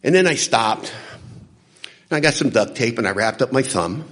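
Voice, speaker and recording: Male recovery speaker with a mid-range voice and lively swings in pitch, telling a story on a convention stage, with hall reverb. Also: moderate pace. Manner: animated storyteller acting out dialogue. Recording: hall reverb from a large venue.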